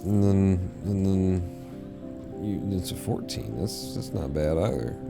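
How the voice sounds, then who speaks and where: A man's voice: low voice, expressive, takes it slowly, creaky, over music. A man streaming a game, rambling and swearing casually to himself as he plays. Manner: rambling, profane, mumbling to himself. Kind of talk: casual live-stream gameplay chatter.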